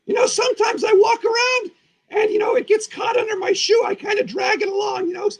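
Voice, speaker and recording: A man voicing a small booger creature with a shrill, high, shouting voice. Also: fairly even intonation, a little fast, vocal fry. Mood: excited. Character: squeaky booger creature, hyper and gleeful.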